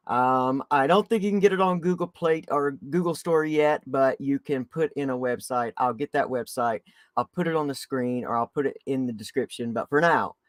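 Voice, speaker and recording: A man hosting a live-stream recovery podcast, talking in an excitable, effusive way with big jumps in pitch and loudness. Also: no room sound. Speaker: podcast host.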